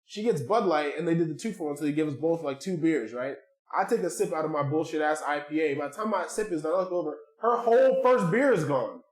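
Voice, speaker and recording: A man's voice: fairly high pitch, expressive, fast talker. A man telling a bar story in casual podcast chat, swearing and mimicking his coworkers. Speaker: podcast co-host. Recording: echoey room.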